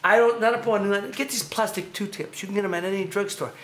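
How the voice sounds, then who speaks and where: A man hosting a casual livestream, ranting animatedly and sometimes shouting. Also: sits high, fairly quick, roomy sound. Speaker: show host. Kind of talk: casual livestream rant and chat.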